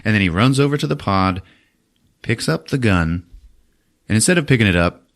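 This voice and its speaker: Podcast guy recapping a movie, swears a lot, lowish voice, pitch bouncing all over. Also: normal speed. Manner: profane, animated storytelling. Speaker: podcast host. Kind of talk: casual movie recap chat.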